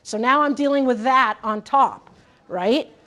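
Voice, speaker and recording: A woman's voice: sits high, measured pace, sharp tone. A woman in her forties from Massachusetts, telling a candid personal story as a conference speaker and speaking earnestly to the audience. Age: 40s.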